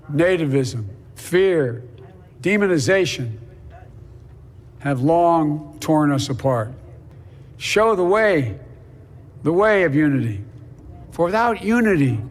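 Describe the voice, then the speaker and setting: A man impersonates an aging president giving a slow, solemn address. The voice is fairly high, and a long reverb rings after each phrase. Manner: slow, halting oratory. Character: impression of an older male president giving a speech. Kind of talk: solemn political speech parody.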